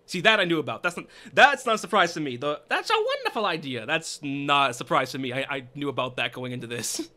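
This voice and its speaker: A man's voice: fairly high pitch, very animated, fast talker, few pauses, sharp tone. Reactive young man streaming a game. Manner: reactive, swearing, laughs often. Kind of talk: let's play commentary.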